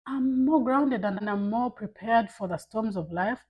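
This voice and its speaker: A woman's voice: a little high, a little slow, slightly rough, highs cut off. A woman vlogging to camera in a casual, candid way, giving emphatic advice from her own life. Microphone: camera mic.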